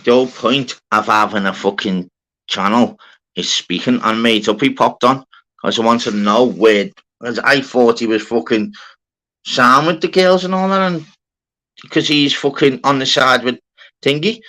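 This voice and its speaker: A man's voice: medium pitch, moderate pace, bright, forceful tone. A man hosting a casual live stream, blunt and sweary as he presses callers for answers.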